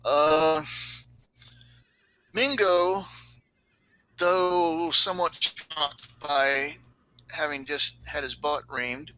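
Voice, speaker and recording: Game master, man, very bright tone, easygoing rambling narration. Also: on the high side, slow, clean tone, rough recording. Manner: relaxed rambling narration with fillers.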